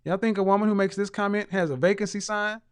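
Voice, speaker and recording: A man's voice: sits high, steady tone, fast, clear, resonant tone. Mocking man hosting a live stream. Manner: mocking, teasing rhetorical questions, bursts of laughter. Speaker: host reading viewer comments.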